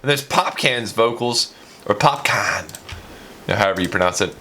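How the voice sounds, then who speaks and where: A man's voice: lowish voice, fast. A young man, a music producer, talking casually through his studio session, chatty and self-mocking, with plenty of fillers.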